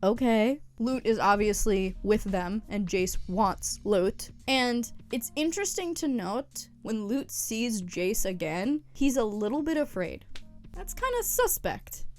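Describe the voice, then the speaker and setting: A woman with a fairly high voice recapping a story in a relaxed, chatty way. She keeps dropping in playful asides and little giggles, with soft music running faintly underneath. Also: slow. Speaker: recap host.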